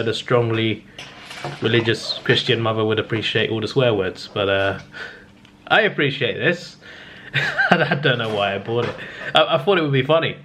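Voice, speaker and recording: A man's voice: mid-range voice, fairly bright tone, slight background noise. A man in his twenties chatting casually in a vlog, rambling and hesitant with frequent restarts. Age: 20s. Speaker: vlogger. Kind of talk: casual vlog talk and review.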